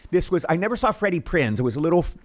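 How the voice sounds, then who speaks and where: A man's voice: fairly high pitch, sing-song. A man in his sixties, an actor telling anecdotes as an interview guest, rattling along and acting out quotes. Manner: rapid, rattling delivery with acted-out quotes. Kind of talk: anecdotal storytelling.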